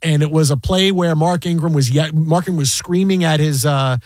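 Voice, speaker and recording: A man who works as a sports broadcaster, casually recounting a work story in an animated, exasperated way. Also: fairly high pitch, moderate pace, dry recording. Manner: animated, exasperated retelling with repeated asides. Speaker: fantasy football broadcaster.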